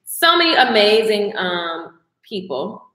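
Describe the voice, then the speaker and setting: A woman's voice: medium pitch, big pitch swings, takes it slowly, sharp tone, reverberant. A woman, chatting on a livestream and talking straight to her viewers. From American South. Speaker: makeup and mindset coach. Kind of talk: casual livestream chat.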